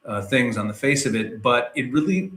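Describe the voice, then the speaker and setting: A man's voice: medium pitch, moderate pace, fairly bright tone. A man, a rabbi, giving conversational commentary over a video call, explaining points with frequent fillers. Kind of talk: casual commentary. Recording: roomy echo.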